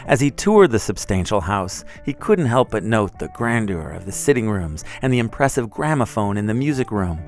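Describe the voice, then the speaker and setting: A man narrating a podcast story from a script, calm and storytelling. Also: lowish voice, moderate pace, hardly any pauses, soft background music.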